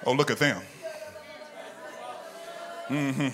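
A pastor preaches a sermon in a church sanctuary, calling out to the congregation and building into sung, whooping phrases, with organ music playing beneath him. His high voice is very animated, bright and forceful at a normal speed, broken by long pauses.

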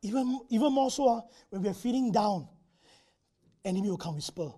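Man preaching a sermon, high voice, husky and dark, chatty with tag particles. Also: animated, a little fast. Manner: conversational, acts out quotes, tag particles.

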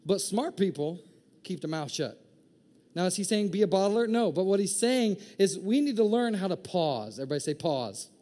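A man preaches a sermon in a lively, joking way, slipping into quick impressions of people in his congregation. His voice sits high for a man, and he pushes it higher when he gets excited. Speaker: pastor.

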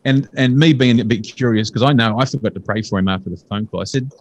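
An Australian man telling a personal faith story in a casual, earnest and excitable way. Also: fast talker, no echo, highs cut off. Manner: earnest, excitable, jumps into high voices for quotes.

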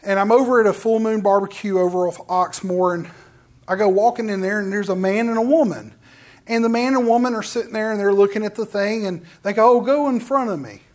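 A man preaching a sermon, telling personal stories with loud, emphatic bursts that drop to hushed tones, often repeating words as he builds a point. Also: sits high, fairly quick.

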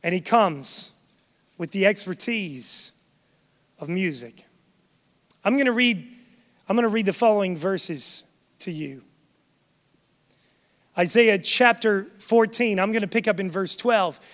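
A man's voice: high-pitched, expressive, a little slow, pauses often, fairly bright tone. A man preaching a sermon to a congregation, emphatic and swelling in force. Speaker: pastor. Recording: long hall reverb.

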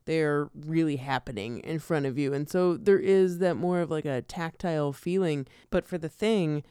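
A woman's voice: deep voice, moderate pace, mellow, clear, resonant tone, no room sound, studio quality. A woman co-hosting a casual film podcast, chatting animatedly and laughing often. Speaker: podcast co-host.

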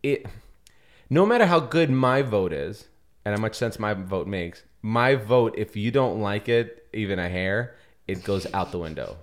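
Podcast guy rambling and joking, pitch jumps all over, office setup. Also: lively intonation, a little slow. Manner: rambling, with joking asides and restarts. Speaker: podcast co-host. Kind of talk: casual chat.

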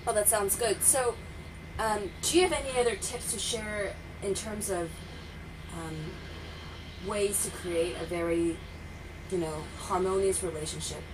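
A woman's voice: medium pitch, measured pace. Distant woman interviewer over road noise. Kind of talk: interview questions. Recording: distant mic with loud noise, traffic behind.

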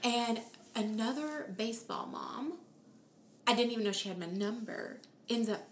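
A woman's voice: a little high, normal speed, echoey room, a little hiss or hum. Earnest woman telling a faith story. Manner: earnest, emotional storytelling with animated quoted voices. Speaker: guest sharing her testimony. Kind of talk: conversational faith testimony.

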